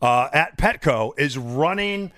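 A man in his fifties tells a rambling story on a podcast, his pitch leaping around as he acts out the quotes. The sound is close and dry, with no room around it. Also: lively intonation, takes it slowly, a bit bright, no room sound. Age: 50s. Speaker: podcast co-host. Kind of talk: casual podcast chat.

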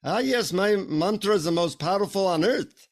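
A man's voice: high voice, lively intonation, normal speed, pitched above the performer's own voice. A man voicing a stern older male Indian guru with an Indian accent, solemn and scolding.

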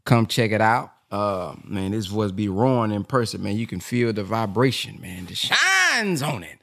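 A man hosting a podcast in casual chat, slangy and animated. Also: on the low side, moderate pace. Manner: animated, laughing, slangy, says "boy" and "man" a lot. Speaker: podcast host.

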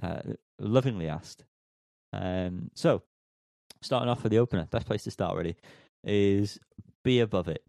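A man's voice: fairly low pitch, moderate pace, vocal fry, dark tone, no echo. Rambling, self-mocking male podcaster. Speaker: podcast co-host. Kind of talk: casual podcast chat.

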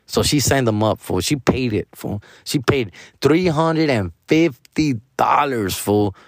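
Guy in his 30s, cussing, calls everyone fool and dog, mid-pitch voice, dry close sound. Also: expressive, a little slow, no echo. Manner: profane, peppers lines with "fool" and "dog", slips into Spanish slang. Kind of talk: casual storytelling chat.

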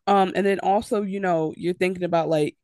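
Female podcast co-host, animated and jokey, dry unroomy sound. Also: on the low side, brisk, no echo. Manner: animated, laughing asides, many fillers. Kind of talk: casual TV recap chat.

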